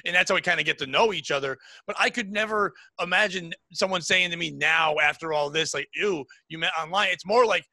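A high-voiced man with a gravelly, husky edge rants bluntly and crudely. He is a comedian trading banter on a podcast, and his voice has a sharp, bright ring. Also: a little fast, few pauses, dry recording. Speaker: comedian guest.

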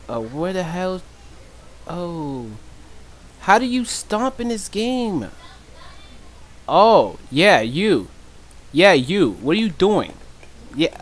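A young man narrates his game in an unhurried drawl, trading playful trash talk with the other players. He laughs often and stays easygoing between moments of mock panic. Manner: laughs often, shrieks high when chased; joking, teasing trash talk. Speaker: gaming YouTuber. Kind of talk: gameplay commentary.

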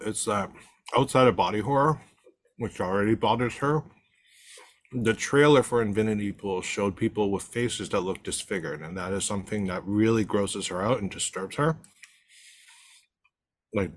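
A man's voice: lowish voice, moderate pace, a bit bright. A young man from Canada co-hosting a podcast, chatting casually and sometimes eating while he talks. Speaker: podcast co-host. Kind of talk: casual chat.

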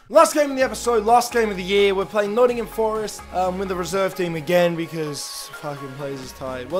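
High, bright, foul-mouthed gamer man. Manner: foul-mouthed, frustrated outbursts and quick play-by-play. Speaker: gaming YouTuber. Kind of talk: swearing game commentary.

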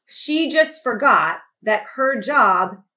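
A middle-aged woman telling a personal story as a podcast guest. She speaks with emphatic, animated passion, and her voice rises sharply when she grows indignant. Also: on the high side, slow pace. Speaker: podcast guest, company CEO. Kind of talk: impassioned conversational storytelling.

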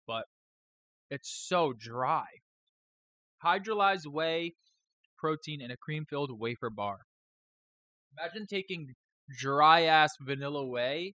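Bright, forceful man hosting a live stream. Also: on the high side, no room sound. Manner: rambling, joking, profane. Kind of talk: casual live-stream chat.

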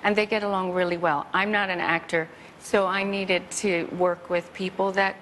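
A woman guest on a television talk show, telling stories in a chatty, animated way and acting out quoted lines. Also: fairly low pitch, normal speed, slight background noise, low-quality recording. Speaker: guest musician. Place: television studio.

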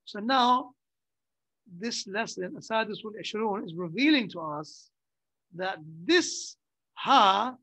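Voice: medium pitch, expressive, normal speed, pushed and bright, no echo, poor audio. A teacher giving a classroom Arabic grammar lesson in English. The teacher repeats key terms and checks understanding with short questions.

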